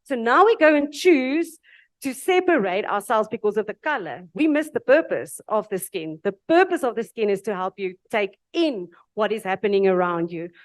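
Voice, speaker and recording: A woman's voice: medium pitch, expressive, moderate pace, dry recording. A South African woman with an Afrikaans accent, speaking earnestly and with animation at a panel event before an audience. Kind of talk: reflective speech at a dialogue event.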